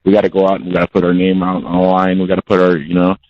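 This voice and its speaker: A man's voice: sits low, completely flat delivery, racing. A man in his forties calling in by phone to an interview, talking bluntly and intensely and repeating himself. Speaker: guest fighter calling in. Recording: dull lo-fi call-in audio.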